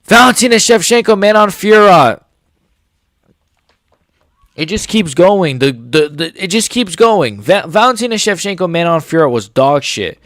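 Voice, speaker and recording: A young man rants about fights in a profane, heated reaction, his voice sitting a little high for a man. He swings from grumbling into sudden shouts. The sound is dry and close to the mic. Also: lively intonation, measured pace, no room sound. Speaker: MMA commentary YouTuber.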